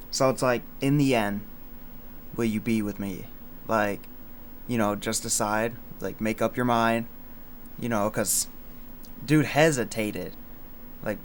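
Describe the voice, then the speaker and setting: A young man chats on a late-night stream, rambling through his own lyrics with heavy fillers and slang. His voice sits on the low side, with faint noise in the background. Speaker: streamer explaining his song. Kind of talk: casual livestream chat.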